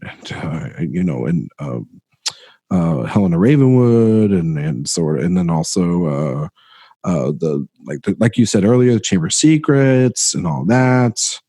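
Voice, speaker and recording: Low, mellow-voiced man chatting about films. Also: no echo. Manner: halting, many restarts, trails off quietly. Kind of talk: casual film discussion.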